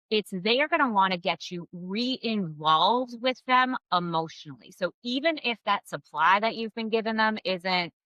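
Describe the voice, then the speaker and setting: A woman giving blunt, expressive co-parenting advice straight to her viewers, swearing freely. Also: mid-range voice, no room sound, low-quality recording. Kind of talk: casual advice to camera.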